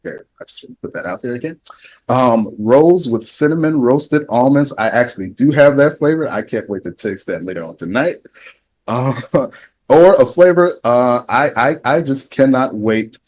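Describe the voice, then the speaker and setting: A man's voice: mid-range voice, lively intonation, normal speed, darkish tone, poor audio. A man hosting a live online event over a video call, effusive and upbeat, laughing often as he introduces guests. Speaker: event host.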